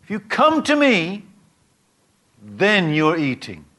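Animated man preaching a sermon. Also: sits high, slow pace. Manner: emphatic, swings between rising exhortation and quiet asides.

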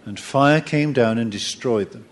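A man preaching a sermon in an animated storytelling way, repeating points for emphasis. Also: medium pitch, unhurried, slight background noise. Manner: animated storytelling, acts out quoted voices; emphatic repetition.

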